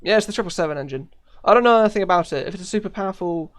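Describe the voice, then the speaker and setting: A British man from the United Kingdom live-streams a game, chatting casually in a high-pitched, slightly bright voice. He's expressive and racing along, rambling with plenty of fillers and frequent laughs.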